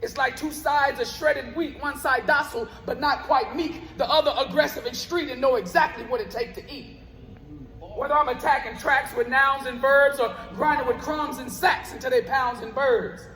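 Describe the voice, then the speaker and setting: A man's voice: extremely high pitch, moderate pace, pushed and bright. A man performing spoken word poetry live on stage, with a rhythmic, rhyming delivery. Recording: roomy live venue with long reverb.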